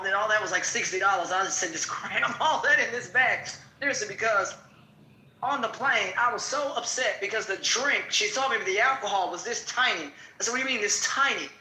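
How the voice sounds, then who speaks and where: A man hosting a casual show, telling a story in an animated, laughing, colloquial way. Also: high voice. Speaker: host. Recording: echoey room.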